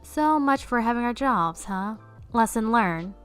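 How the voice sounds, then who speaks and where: A woman's voice: a little high, measured pace, clear, resonant tone, faint music behind. Woman narrating online stories. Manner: steady, storytelling read-aloud.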